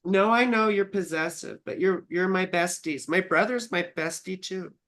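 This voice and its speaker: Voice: medium pitch, normal speed, a bit bright. A teasing astrologer co-hosting a live stream in casual chat. The speech is loose and profane, with a fondness for calling people sweetheart. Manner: teasing, swears freely, calls people sweetheart. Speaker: astrologer co-host.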